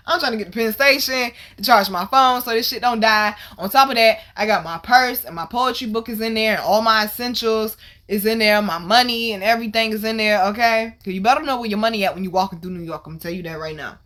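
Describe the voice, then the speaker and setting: A woman telling her channel a story in loose, slangy, profane chat. Her voice is bright and forceful, and she keeps the telling animated and casual. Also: a little high, fast. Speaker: vlog host.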